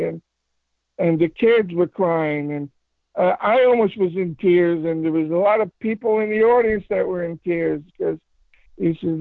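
A man telling a paranormal story in a casual phone interview, rambling and halting with many restarts. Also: sits high, no echo. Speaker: paranormal investigator guest. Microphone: phone call. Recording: tinny phone line, fry.

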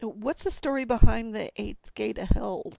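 A woman hosts a radio interview and asks her questions hesitantly, with ums. Her voice is fairly high and gravelly. The sound is dull and lo-fi, with no room sound. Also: moderate pace, dark tone, no echo. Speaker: radio host.

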